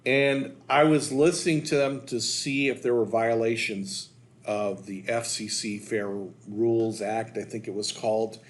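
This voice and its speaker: A man's voice: mid-range voice, steady tone, a little slow. Man casually reading notes aloud. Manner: reads aloud, adding loose asides and fillers. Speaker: host.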